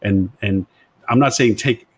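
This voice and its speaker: A man's voice: fairly low pitch, unhurried, slightly rough. A man on a live web panel show, chatting casually and rambling, often repeating himself and retelling conversations. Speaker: agency consultant and show panelist.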